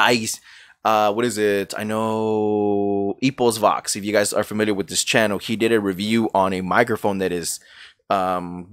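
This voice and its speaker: A man's voice: fairly low pitch, fairly bright tone, no echo, studio quality. A man streaming a game, chatting loosely and profanely and greeting viewers by name from a room at home. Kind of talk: casual chat while gaming.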